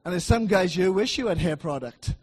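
A middle-aged man preaching a sermon in a church, emphatic and repetitive, swinging between loud declarations and soft asides. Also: sits high, lively intonation, fairly quick, husky.

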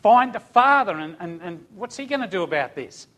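A firm, practical grandmother, voiced by an older man. She gives orders briskly and bossily. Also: high-pitched, sing-song, fairly bright tone, voice pushed up. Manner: brisk, bossy instructing.

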